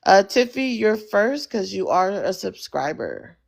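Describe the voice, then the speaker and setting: A woman hosting and moderating a live audio panel. She reacts with exclamations and moves the speakers along briskly. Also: mid-range voice, big pitch swings, gravelly. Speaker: host.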